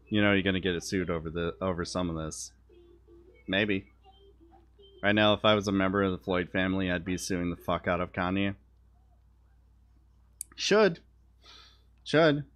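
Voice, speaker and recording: A man with a somewhat low voice, riffing through loose political commentary on a live stream. He talks bluntly and sarcastically, with offhand swearing and wry asides. He sounds like a young parent chatting to his viewers. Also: steady tone, normal speed, pauses often, fairly bright tone.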